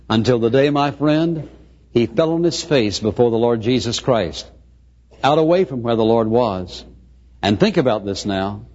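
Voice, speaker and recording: Man preaching a dramatic sermon, lo-fi. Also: mid-range voice. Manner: dramatic swings between soft and emphatic. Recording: dull lo-fi recording.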